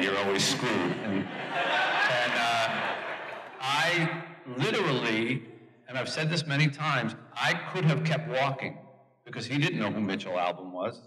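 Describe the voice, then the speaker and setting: A middle-aged man, an author, telling anecdotes with jokes and voices in an audience Q&A at a large event hall. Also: medium pitch. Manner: animated storyteller, jokes and mimics others. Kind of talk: storytelling answers in an audience Q&A. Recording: long hall reverb.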